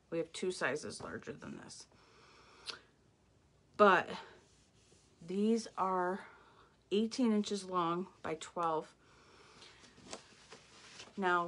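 Chatty middle-aged lady showing off craft designs, unhurried, keeps gushing oh my gosh. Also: on the low side. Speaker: craft product demonstrator. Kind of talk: casual live product walkthrough.

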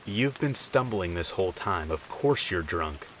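Man doing his roommate, blunt and firm, low voice. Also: expressive, unhurried, a bit bright, slight background noise. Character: young man, the narrator's roommate, firm and skeptical.

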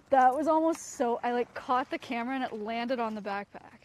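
With a fairly high voice, this young streamer talks briskly and hardly pauses, over slight background noise. She's a sanctuary owner streaming live outside, chatting casually with her chat and coaxing her goats.

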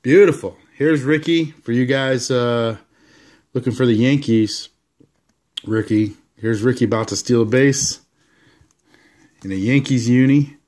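A man casually showing off his collection of sports cards, rambling along with relaxed, enthusiastic asides. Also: medium pitch, unhurried, pauses often. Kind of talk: casual card-showing vlog.

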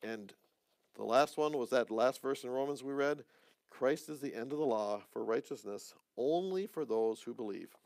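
Male pastor, gravelly tone, dry close sound; relaxed teaching sermon with jokey asides. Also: mid-range voice, moderate pace, no room sound. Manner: conversational, joking asides, restarts. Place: church.

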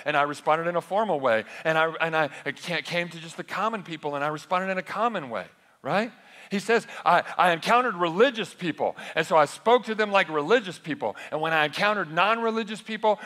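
A man's voice: a little high, expressive, brisk, bright, forceful tone. A man preaching a sermon as pastor, conversational, often asking the congregation rhetorical questions. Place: church sanctuary. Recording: long echo of a church hall.

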